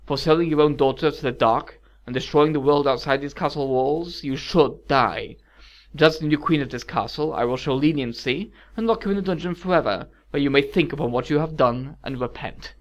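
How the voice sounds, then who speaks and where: A man's voice: on the high side, brisk, lo-fi sound, natural voice. A man doing a stern, aged sorceress. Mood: cold. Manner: solemn, cold and formal. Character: aged weary female sorceress, stern and commanding.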